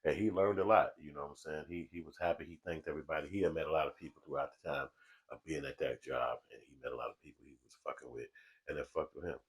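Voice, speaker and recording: A man hosting his own vlog, talking to a small camera alone in a studio in a calm, low, mellowed-out tone, with loose street talk and swearing. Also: fast, breathy edge. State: relaxed from smoking. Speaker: vlog host. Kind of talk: casual commentary to camera. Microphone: small camera mic.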